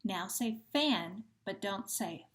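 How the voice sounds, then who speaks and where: A woman's voice: medium pitch, lively intonation, takes it slowly. A woman teacher leading a phonemic awareness drill, patient and carefully enunciating each syllable.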